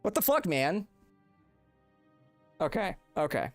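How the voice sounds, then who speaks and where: A man's voice: sits high, big pitch swings, slow, dry recording, soft background music. Profane rambling young male streamer. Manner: rambling, profane, talks to chat. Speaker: livestream host. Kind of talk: casual livestream chat. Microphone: desk microphone with compressor.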